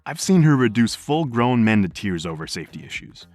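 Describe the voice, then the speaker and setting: A man hosting a podcast, reading stories aloud in an animated storytelling manner. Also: mid-range voice, brisk, no room sound, soft background music. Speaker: podcast host.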